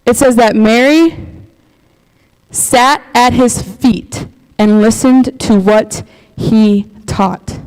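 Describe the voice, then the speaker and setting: A young woman giving a youth sermon, animated, acting out prayers and checking in with "okay?". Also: a little high, clear, resonant tone. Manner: animated, acts out quoted prayers, frequent "okay?". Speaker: youth speaker. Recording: long hall reverb.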